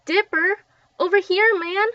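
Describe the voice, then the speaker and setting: A woman voicing an urgent male street kid who shouts loudly, recorded dull and a little distant from the mic. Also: extremely high pitch, fairly even intonation, unhurried, dry recording, voice pushed up, full character voice.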